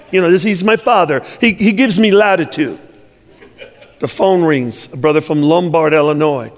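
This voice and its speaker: A man's voice: on the high side, moderate pace, long reverb tail. A male pastor telling a personal story in a sermon, acting out the dialogue and building to fervent preaching.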